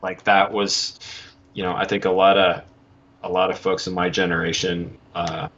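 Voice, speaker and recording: A man's voice: deep voice, level tone, normal speed, a bit bright. Hesitant man guest, lo-fi and noisy. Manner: hesitant, full of fillers. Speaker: guest, prop collector. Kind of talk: casual interview.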